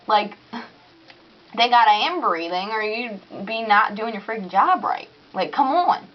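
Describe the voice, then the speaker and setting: In a muffled recording, a young woman with a slightly high voice tells an unhurried story in her casual home vlog. She's animated and chatty, saying "like" and "dude" constantly while acting out her own panic.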